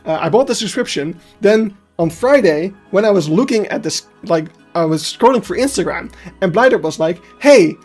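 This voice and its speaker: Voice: medium pitch, lively intonation, moderate pace, a little mellow, husky. Swearing streamer ranting. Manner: heated ranting, swears freely, laughs at self. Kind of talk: casual live-stream chat. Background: faint background music.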